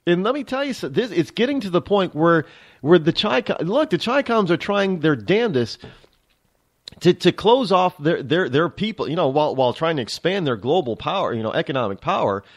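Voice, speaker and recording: A man's voice: a little high, very animated, fairly quick. An American man hosting a talk radio show, delivering a rambling, emphatic political monologue full of restarts and asides. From United States.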